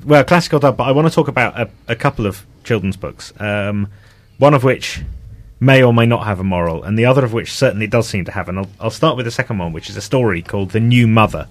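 A man's voice: lowish voice, fast talker, hardly any pauses. Hesitant man presenting a radio chat. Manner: hesitant, many ums and restarts. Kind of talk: casual radio chat, summarising a story.

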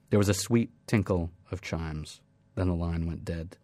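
A man narrating a science fiction story aloud in a dramatic, expressive reading. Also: low voice, moderate pace, dry recording.

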